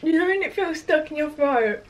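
Squeaky girl, hesitant, kinda squeamish, lively voice, faint hiss. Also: fairly quick. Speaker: vlogger. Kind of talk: casual chat.

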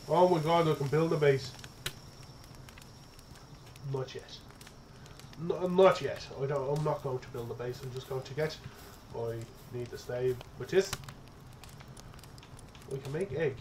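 A young man giving casual let's-play commentary, excitable and profane, chattering to his in-game pet as he plays. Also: a little high, moderate pace, pauses often, slight background noise. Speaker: gaming streamer.

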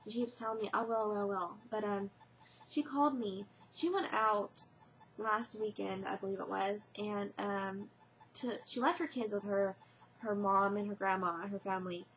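A woman's voice: mid-range voice, fairly even intonation, normal speed, fairly bright tone. A young woman talking casually to her camera in a rambling vlog, full of fillers and restarts. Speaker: vlogger. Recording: muffled lo-fi webcam audio with faint hiss.

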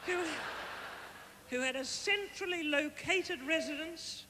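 A man's voice: very high voice, slow pace, exaggerated voice. A man playing a flamboyant, gushing aging Australian housewife diva with an Australian accent, giving a live comic stage introduction. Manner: theatrical, gushing, cheekily condescending. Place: huge outdoor concert at a palace. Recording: echoey live arena with loud crowd noise.

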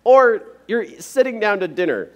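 A man's voice: high voice, normal speed. A man giving a motivational seminar talk, telling a personal story to a live audience and acting out the dialogue. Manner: animated, acts out the dialogue in his stories. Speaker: motivational speaker.

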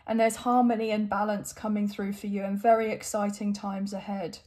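Soft-toned woman giving an encouraging tarot reading. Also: mid-range voice, level tone, normal speed. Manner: warm, encouraging, emotional, gets choked up. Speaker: tarot reader.

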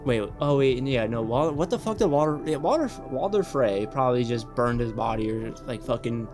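Excitable young man ranting casually. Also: mid-range voice, fairly quick, over music. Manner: excitable, swears a lot, rambling. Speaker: reaction channel host. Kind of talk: casual commentary.

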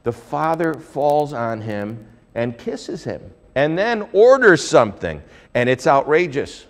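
A male pastor preaching a sermon, telling a Bible story with lively swings between hushed and loud delivery. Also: fairly high pitch, slow pace.

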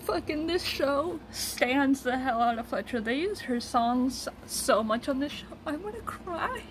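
A woman's voice: sits high, unhurried, noisy background. A young woman vlogging casually, talking to her pet rats in cooing baby talk and sometimes whispering.

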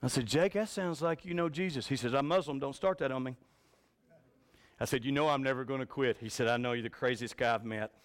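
A man preaching a revival sermon in a church, telling folksy stories and swinging from shouts to a hushed voice. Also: mid-range voice. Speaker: pastor. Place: church sanctuary.

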